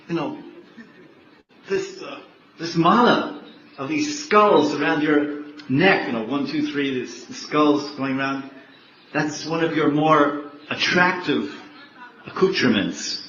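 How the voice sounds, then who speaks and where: A devoted goddess wife, played by a man who speaks softly and coaxingly and keeps hesitating over a question she has long wanted to ask. Her voice sounds muffled and dull. It echoes around the room. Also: mid-range voice, measured pace, a little hiss or hum, natural voice. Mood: hushed. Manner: soft, hesitant, teasing questions.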